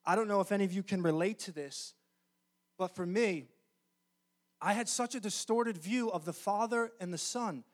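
A male pastor preaching a sermon in an earnest, emphatic way, often slowing down to stress key phrases. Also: high-pitched.

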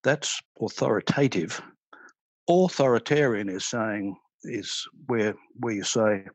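Older man, retired officer guest, low husky voice, dry close sound, measured explainer. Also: no echo, rough recording. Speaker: retired army brigadier, guest. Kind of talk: podcast interview.

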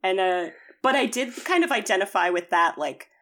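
A woman co-hosting a podcast in casual chat, animated and swearing freely as she acts out quotes with laughter. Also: medium pitch, normal speed. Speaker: podcast co-host.

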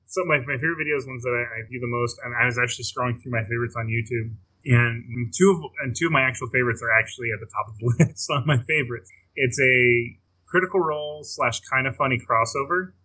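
A man with a husky, tense and sharp voice rambles through a casual podcast chat. He keeps restarting his sentences and laughs as he talks. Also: medium pitch, quick pace, rough recording. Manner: rambling, restarts phrases, laughs while talking. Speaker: podcast co-host.

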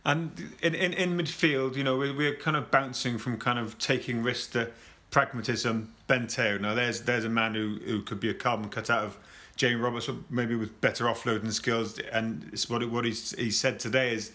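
A man with a bright, forceful voice chats about rugby. He rambles and stammers and keeps restarting his sentences. His delivery is animated, and he laughs easily. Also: mid-range voice, normal speed, few pauses. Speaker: rugby pundit. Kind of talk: casual sports discussion.

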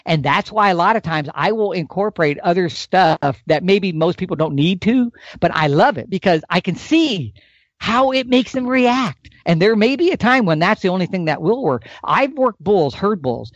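A man's voice: sits high, expressive, moderate pace, hardly any pauses, no echo, lo-fi sound. A man on a podcast, an elk calling expert, telling hunting stories with energy and showing calls with his mouth. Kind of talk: animated podcast storytelling.

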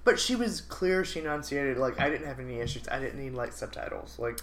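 A man co-hosting a podcast, chatting casually in a relaxed way. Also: mid-range voice, fairly quick, slight background noise. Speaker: podcast co-host. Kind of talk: casual chat.

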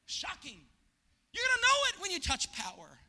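High bright-voiced preacher. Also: male voice, wildly swooping pitch, moderate pace. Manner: preaches with swings from loud shouting to hushed storytelling. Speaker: pastor. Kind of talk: sermon.

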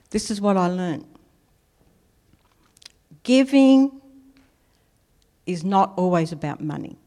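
A woman's voice: low-pitched, unhurried, pauses often, warm tone. Aussie woman telling church stories, chatty, lots of reverb from a big hall. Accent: Australian. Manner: chatty anecdotal storytelling, laughs at herself. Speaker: preacher. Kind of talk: personal testimony sermon.

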